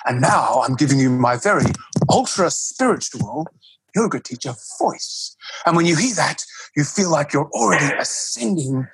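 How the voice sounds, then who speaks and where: A man voicing a pompous, ultra-spiritual yoga teacher who speaks slowly and solemnly. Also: on the high side, lively intonation, slightly rough, pitched below the performer's own voice, exaggerated voice, poor audio. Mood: serene. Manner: slow, hushed, solemn.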